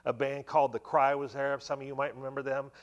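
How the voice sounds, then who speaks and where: A man's voice: mid-range voice, flat delivery, fast, lo-fi sound. A man in his forties giving a church testimony, telling the story conversationally and filling it with many asides. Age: 40s. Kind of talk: sermon testimony.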